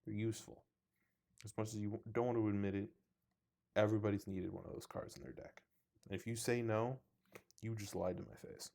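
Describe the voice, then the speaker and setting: Man, low-ish voice, casual unboxing chat, self-mocking, reads card names. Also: steady tone, a little fast, creaky, long pauses, a little mellow. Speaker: card box opening host. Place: indoors under two large lights.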